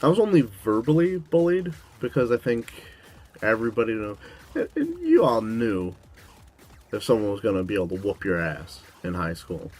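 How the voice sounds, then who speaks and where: A man's voice: fairly low pitch, sing-song, normal speed, darkish tone, soft background music. Young man rambling in a vlog. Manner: rambling, heavy on "like" fillers. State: losing his voice. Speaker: YouTube host. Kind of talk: casual vlog Q&A.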